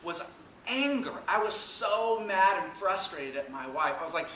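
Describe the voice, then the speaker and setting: A male lecturer speaks with a bright, forward tone and tells his story with animated emphasis. He is recorded from a distance in a reverberant lecture room, with faint noise in the background. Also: a little high, normal speed. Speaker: philosophy lecturer. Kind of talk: introductory lecture with personal anecdote. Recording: echoey room, speaker off-mic.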